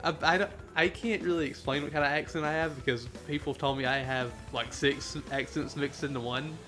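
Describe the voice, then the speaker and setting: Bright-voiced chatty streamer man. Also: fairly high pitch, steady tone, a little fast, soft background music. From Southern United States. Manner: chatty, rambling, answers chat messages, laughs often. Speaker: gaming livestreamer. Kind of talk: casual livestream chat.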